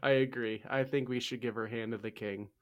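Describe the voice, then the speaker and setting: A man's voice: medium pitch, steady tone, fairly quick, clean tone. A man co-hosting a casual history podcast, chatty and jokey, often trailing off and restarting. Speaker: podcast co-host.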